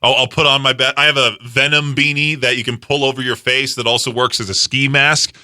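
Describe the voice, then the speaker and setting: A man hosts a radio show in casual, joking banter, laughing and teasing his co-host. His voice is extremely bright and forward. The studio sound is dry and close. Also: mid-range voice, little pitch movement, fairly quick, no room sound. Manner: jokey, laughs often, teasing.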